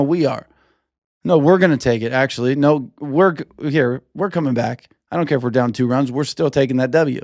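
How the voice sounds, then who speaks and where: A man's voice: medium pitch, dry recording, clean studio sound. A man hosting a solo sports podcast, ranting in a blunt, fired-up, profane way. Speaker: podcast host.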